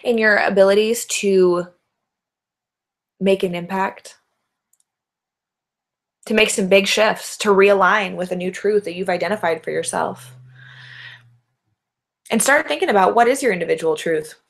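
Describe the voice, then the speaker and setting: Her voice is medium-pitched and gravelly, measured in pace with long pauses, as this middle-aged life coach talks solo to a camera. Encouraging throughout, she asks many rhetorical questions, often tacking on "right?".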